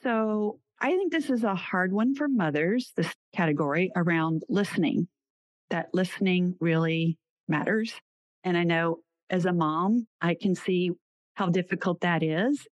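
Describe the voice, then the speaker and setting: A woman's voice: fairly low pitch, a little slow, dry recording. A woman who is a podcast host and clinician, interviewing a guest in an affirming, reflective way.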